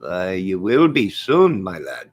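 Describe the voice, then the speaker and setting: A man putting on a cocky, taunting Irish male prizefighter with a mocking, high, shouting voice. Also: huge pitch swings, slow pace, slightly rough, heavily acted. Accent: put-on Irish.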